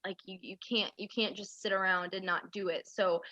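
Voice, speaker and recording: A woman's voice: medium pitch, steady tone, moderate pace, bright, forceful tone, dry recording. A woman in her twenties from central New York, telling a rambling story full of "like" fillers as an interview guest. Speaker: guest, aspiring actress. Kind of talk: casual interview chat.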